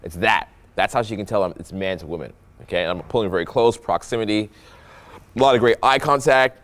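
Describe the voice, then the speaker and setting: A young man talking as a dating coach over his own footage, animated and playful, deliberately swinging his voice between loud and soft. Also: fairly low pitch. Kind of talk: voice-over commentary on infield footage.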